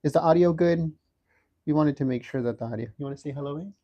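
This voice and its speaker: A man giving a casual livestream update from a hospital room, talking haltingly with many fillers and restarts. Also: fairly high pitch, dark tone, dull audio. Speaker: livestream host updating viewers.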